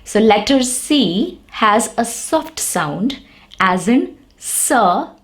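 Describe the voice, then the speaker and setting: A woman's voice: on the high side, very animated, takes it slowly. A woman teaching an English lesson, explaining patiently step by step and repeating the example words.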